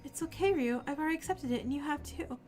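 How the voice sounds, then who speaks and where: A woman voicing a resigned, despairing young girl from a game, speaking quietly. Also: high voice, fast talker, soft background music, natural voice. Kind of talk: reading game dialogue aloud.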